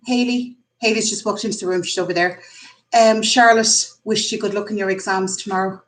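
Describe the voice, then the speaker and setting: A woman's voice: medium pitch, brisk, poor audio. An Irish woman in her forties hosting a casual live stream from her kitchen, candid and chatty as she thinks aloud. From Ireland. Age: 40s. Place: home kitchen. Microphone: computer mic.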